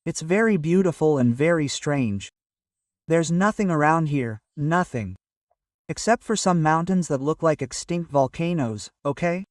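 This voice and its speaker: Male vlogger, slightly high voice, dry and distant outdoor camera sound, out of breath on a climb. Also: no echo. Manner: chatty, keeps prompting viewers with "look" and "right?". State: panting from climbing. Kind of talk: casual hiking vlog narration.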